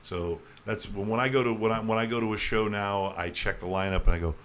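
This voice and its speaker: Male talk host, on the low side, loose and rambling, quick with a joke. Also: fairly bright tone, a little hiss or hum. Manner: rambling, repeats himself, jokey. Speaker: podcast host. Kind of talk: casual chat.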